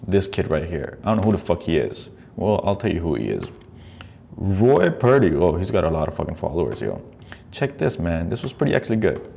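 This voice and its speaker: A man's voice: low voice, brisk, vocal fry, a little hiss or hum. A man hosting a casual podcast, reacting to video clips with profane, mocking commentary. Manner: profane, mocking, animated asides. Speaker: podcast host.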